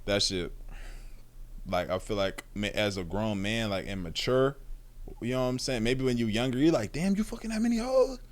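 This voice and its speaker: A man's voice: on the low side, moderate pace. A young man streaming and reacting to a video, talking casually with lots of slang, swearing and restarts. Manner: rambling, slangy, swears freely, restarts often. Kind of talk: casual chat.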